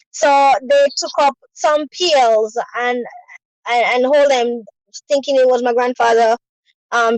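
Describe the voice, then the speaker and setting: A woman's voice: high-pitched, no echo, poor audio. A woman earnestly telling a personal story, often repeating herself and adding "you know". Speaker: guest sharing a personal story.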